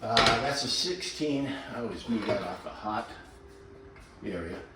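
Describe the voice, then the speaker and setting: A man's voice: lowish voice, animated, unhurried, reverberant, recorded from a distance, heavy background noise. A man in his sixties, chatting in a folksy, rambling, self-joking way while cooking at home. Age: 60s. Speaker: vlogger. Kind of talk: casual kitchen vlog. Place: home kitchen.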